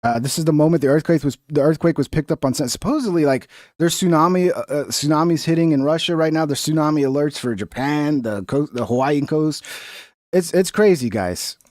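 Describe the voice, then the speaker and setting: A man's voice: a little high, brisk, a little mellow, no echo, clean studio sound. A young American man hosting a live stream, reacting to news in a casual, rambling way with lots of slang and swearing. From United States.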